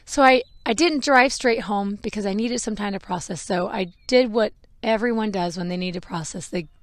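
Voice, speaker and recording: A woman's voice: mid-range voice, normal speed, no echo. A mother hosting a podcast, telling a personal story in a frank, emotional way with laughs and the odd swear. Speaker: podcast host.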